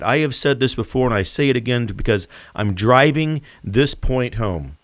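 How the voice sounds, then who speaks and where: A man hosting a political commentary show, speaking in an emphatic, deliberate and mocking way. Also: medium pitch, no echo. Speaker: host.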